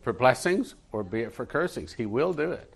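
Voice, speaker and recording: A pastor preaching a sermon and praying in church, earnest, leading the congregation to repeat lines after him. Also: male voice, mid-range voice, big pitch swings, moderate pace, creaky, breathy edge. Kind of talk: sermon with prayer.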